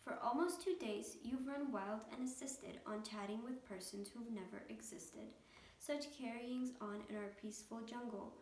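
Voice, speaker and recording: A woman's voice: fairly high pitch, normal speed, darkish tone, a little hiss or hum, natural voice. A woman voicing a snappish, disapproving big kangaroo in a storybook, huffy and scolding. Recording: echoey room, mic at a distance.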